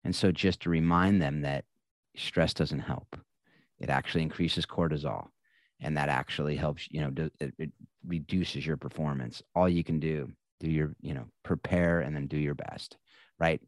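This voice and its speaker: A man co-hosting a podcast, talking in a relaxed, conversational way and going quieter when he reflects. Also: rumbling low, moderate pace, dry recording. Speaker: podcast co-host. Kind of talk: casual podcast chat.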